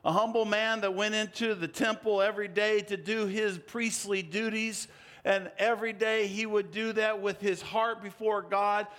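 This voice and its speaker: A man preaching a sermon, telling a story dramatically with big swings in pitch and loudness. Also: steady tone, moderate pace.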